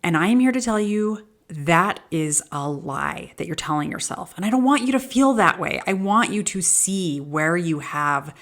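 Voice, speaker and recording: A middle-aged woman hosting a podcast, talking casually and earnestly, animated and laughing easily. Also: lowish voice. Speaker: podcast host. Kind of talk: casual motivational podcast talk.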